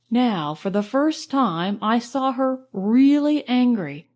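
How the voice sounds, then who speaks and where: In a mid-range voice, a woman reads an audiobook, telling the story in a measured and expressive way.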